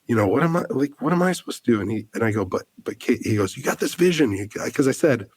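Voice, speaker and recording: An American man in his thirties, a podcast guest, telling a personal story in an earnest, halting way, full of fillers and restarts. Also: fairly low pitch, expressive, darkish tone, slightly rough, no room sound. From United States.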